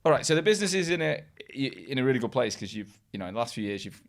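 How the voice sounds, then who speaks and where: A British man hosting a business podcast, chatting quickly with banter and encouraging questions. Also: mid-range voice, sing-song, vocal fry. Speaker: podcast host. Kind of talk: casual interview podcast.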